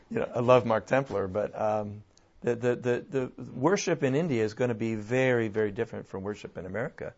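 Male guest speaker, lively and rambling, on a muffled, lo-fi recording. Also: medium pitch, a little fast. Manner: animated, restarts often, laughs. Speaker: guest speaker on church and culture. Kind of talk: conversational discussion. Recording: dull lo-fi sound.

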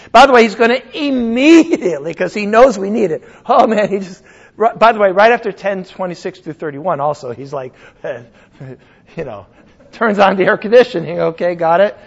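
Animated high-voiced male preacher. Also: creaky, slightly rough, lo-fi sound. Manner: animated, conversational preaching with frequent asides. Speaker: pastor. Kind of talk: sermon.

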